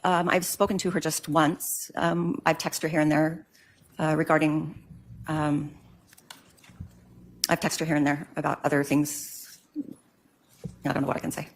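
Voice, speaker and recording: A woman's voice: low-pitched, level tone, unhurried, pauses often, a little hiss or hum. An older woman giving court testimony, answering hesitantly with many ums. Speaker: witness in court.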